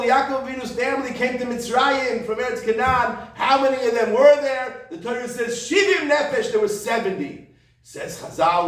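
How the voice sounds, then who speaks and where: A man teaching a Torah class, explaining step by step and repeating his points rhetorical questions. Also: very high voice. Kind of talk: conversational Torah lecture. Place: classroom or study hall. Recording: echoey room, voice from far off the mic.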